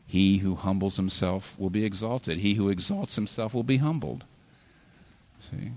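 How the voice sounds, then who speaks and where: A pastor preaching a sermon in a hall, with animated delivery that rises and falls sharply for emphasis. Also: male voice, lowish voice, moderate pace.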